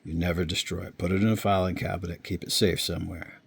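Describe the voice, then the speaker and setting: A man giving an informal Bible lesson, explaining slowly and checking in often with his listeners. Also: sits low, flat delivery, gravelly, slightly rough. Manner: slow, unhurried explaining with frequent check-ins. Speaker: Bible teacher. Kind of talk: informal screen-share teaching.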